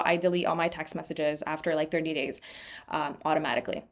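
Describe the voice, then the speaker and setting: A young adult woman telling a personal story in a casual vlog, chatty and animated, often laughing at herself. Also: low-pitched, quick pace. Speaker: vlogger.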